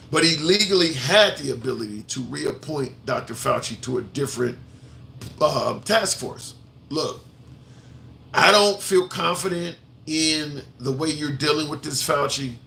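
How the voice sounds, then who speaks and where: A man's voice: on the high side, vocal fry, bright, forceful tone. A man giving argumentative political commentary on a livestream, firing off rhetorical questions and repeating himself as he reads the comments.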